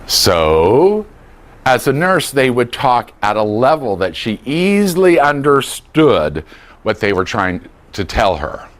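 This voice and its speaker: Male dementia care trainer, lively swooping delivery, acts out dialogue for a live room. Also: mid-range voice, slow. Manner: animated, acts out quoted dialogue.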